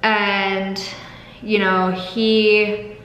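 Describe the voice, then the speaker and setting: A woman's voice: medium pitch, level tone, extremely slow, a bit bright, slight background noise. A young adult woman candidly telling a painful personal story, swearing freely and holding back tears. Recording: echoey room with long reverb.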